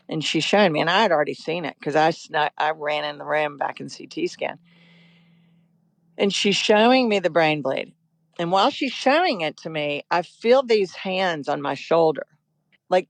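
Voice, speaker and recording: A woman guest telling a personal story in an urgent, emotional, quick-flowing way. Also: deep voice, no echo.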